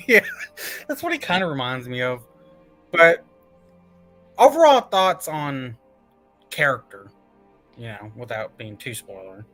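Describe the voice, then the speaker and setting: Bright-voiced, excitable man reviewing comics. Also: mid-range voice, a little slow, pauses often, soft background music. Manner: excitable, laughs often, swears casually. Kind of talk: casual review chat.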